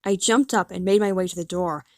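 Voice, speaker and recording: A woman narrating an audiobook in the first person, with an earnest, expressive reading. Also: on the low side, brisk, no echo, studio quality. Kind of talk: scripted narration.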